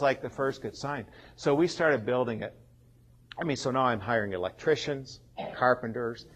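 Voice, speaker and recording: A man in his sixties, a company founder, telling his own story in a lively way and acting out the voices of people he met. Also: medium pitch. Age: 60s. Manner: animated, acts out quoted dialogue. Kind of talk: personal storytelling.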